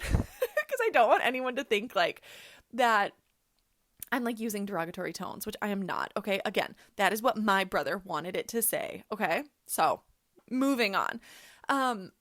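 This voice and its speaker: A young woman talks through her podcast in a loose, chatty way, dropping "like" all over and breaking into animated asides. Her voice sits a little high. The sound is dry and close, with no room around it. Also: no echo. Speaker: podcast host and coach. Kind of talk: casual podcast monologue.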